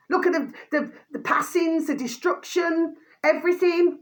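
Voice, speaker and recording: A woman's voice: high-pitched, normal speed, hardly any pauses, fairly bright tone. A woman vlogging an angry rant to her viewers, swearing mildly and calling them by a pet phrase again and again. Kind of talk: ranting monologue to camera.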